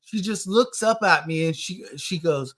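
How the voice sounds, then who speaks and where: A man hosting a casual podcast, telling a story in a rambling, self-mocking way and loudly acting out what others said. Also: high voice, unhurried, crowd noise. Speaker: podcast host.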